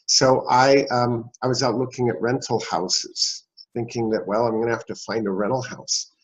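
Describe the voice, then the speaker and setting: A man's voice: mid-range voice, normal speed. A man in his sixties, a guest telling a personal story in an interview and acting out the dialogue in it. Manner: animated storyteller, acts out dialogue. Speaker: guest, real estate investor. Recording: dull, slightly lo-fi sound.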